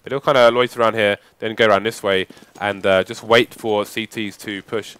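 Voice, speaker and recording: A man's voice: fairly low pitch, fairly even intonation, brisk, a bit bright, smooth, no echo. A man giving analytical color commentary on a competitive shooter match, chatty and explaining positions. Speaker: esports caster. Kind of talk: live game commentary.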